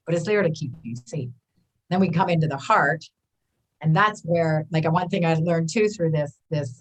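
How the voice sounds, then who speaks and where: A woman in her fifties, a wellness coach talking as a guest, animated and often acting out the voices in her head. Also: medium pitch, rough recording. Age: 50s. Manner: animated, acts out inner voices, often adds "right?". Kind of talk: casual conversational interview.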